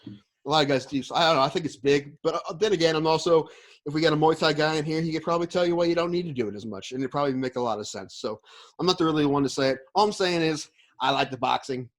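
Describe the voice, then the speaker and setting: Quick-talking man rambling on a podcast. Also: fairly high pitch. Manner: rambling, hedging fan talk. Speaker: podcast co-host. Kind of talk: casual chat.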